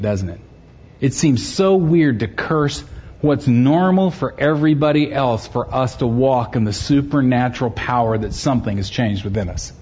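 A man's voice: mid-range voice, a little mellow, husky, highs cut off. A middle-aged man, a pastor, preaching a sermon and telling a personal story, conversational and joking with the congregation.

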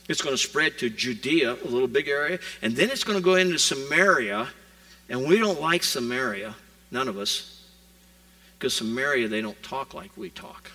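Preacher, male, fairly high bright voice, chatty sermon with rhetorical questions, mic a little distant. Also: creaky. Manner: conversational preaching with rhetorical questions and acted-out quotes. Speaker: pastor.

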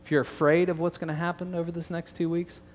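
A man's voice: on the high side, level tone, fast talker. A young man preaching a sermon as pastor, earnest and emphatic, with joking asides to the congregation. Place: large church hall. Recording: long hall reverb.

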